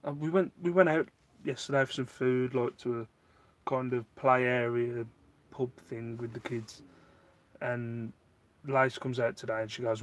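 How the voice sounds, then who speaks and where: A man's voice: mid-range voice, moderate pace, dry recording. A man, hosting a casual live stream, rambling and answering viewer chat, getting worked up at times. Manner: rambling, animated, gets worked up.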